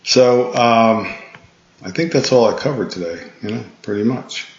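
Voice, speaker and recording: A man's voice: mid-range voice, a little slow, a little hiss or hum. A man working as a golf instructor, patiently talking a student through a swing analysis in a tired, easygoing way with frequent restarts. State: tired, yawning. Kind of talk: swing analysis voice-over lesson. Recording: echoey, dull lo-fi sound.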